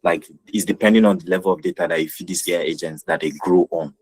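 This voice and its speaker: Deep-voiced man explaining tech. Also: steady tone, quick pace, darkish tone, breathy edge, no echo, rough recording. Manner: earnest, repeats phrases and checks with listeners. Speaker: workshop presenter. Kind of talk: explaining software in an online workshop. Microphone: video call.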